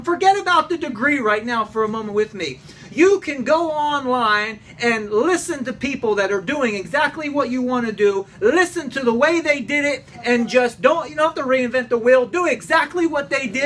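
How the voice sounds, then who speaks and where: A man's voice: very high voice, fairly bright tone. A man preaching a sermon to a congregation, emphatic and repeating phrases for effect. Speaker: pastor. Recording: distant mic with faint room noise.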